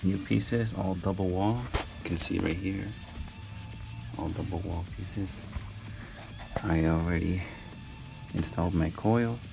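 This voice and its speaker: Over music, an HVAC technician chats wryly to the camera while working on a job site in a casual on-the-job vlog. His voice sits low, slow and gravelly, with long pauses.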